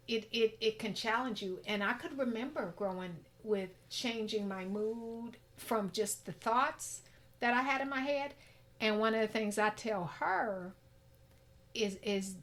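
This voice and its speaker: A middle-aged woman guest in a casual interview, talkative and reflective, breaking into laughter. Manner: talkative, reflective, laughs and pitch jumps when excited.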